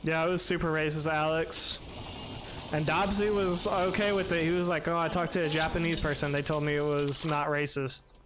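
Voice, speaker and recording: A man's voice: a little high, fairly even intonation, normal speed, background noise. A man streaming a game live, chatting loosely and rambling, swearing freely. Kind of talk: casual live-stream chat.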